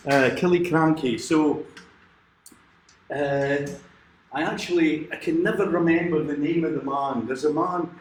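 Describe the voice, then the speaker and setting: A man's voice: fairly high pitch, measured pace. A man, a folk singer hosting his own livestream, chatting between songs in a rambling way and chuckling often. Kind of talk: casual chat between songs. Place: at home during lockdown. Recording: roomy echo with guitar playing.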